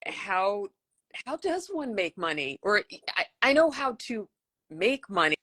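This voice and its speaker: A woman's voice: mid-range voice, sing-song, a little slow, pushed and bright, dry recording, studio quality. A woman answering as a guest author in an interview. She speaks candidly and reflectively, with self-deprecating honesty.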